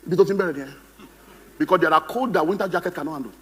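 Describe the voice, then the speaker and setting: With a fairly high, slightly rough voice, the Nigerian English-accented motivational speaker races through his theatrical, funny seminar talk. He acts out quoted voices from a conference hall stage, and the sound carries a long reverb tail.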